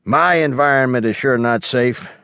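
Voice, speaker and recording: A man playing a gruff, snapping logger dad. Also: mid-range voice, moderate pace, fairly bright tone, dry recording, clean studio sound, lightly acted. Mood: angry. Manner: growling, snapping, combative. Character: gruff hot-tempered male logger father. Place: recording studio.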